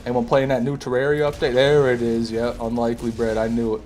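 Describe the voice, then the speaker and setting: A man's voice: medium pitch, completely flat delivery, fast talker, darkish tone, faint music behind. A man streaming a game live, chatting casually with viewers and answering their comments, sometimes with sarcastic jabs.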